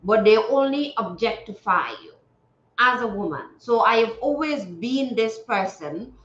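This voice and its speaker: In casual livestream talk on spiritual themes, a Gambian host speaks a little slowly in an animated, somewhat bright, high-leaning voice. She preaches earnestly and repeats phrases for emphasis; the lo-fi recording sounds dull and roomy.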